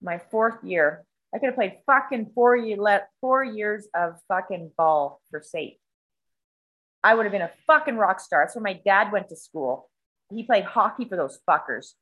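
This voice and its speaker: Swearing often, a woman chatting casually tells a story and performs the sounds and other people's lines in an animated way. Her voice is mid-range at a moderate pace, captured on a rough recording.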